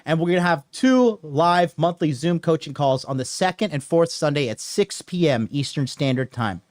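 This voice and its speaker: Brief: young male dating coach, crude and forceful, pitch a touch high, drills points by repeating them. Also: expressive, moderate pace. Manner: profane, emphatic, repeats himself. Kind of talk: solo advice monologue.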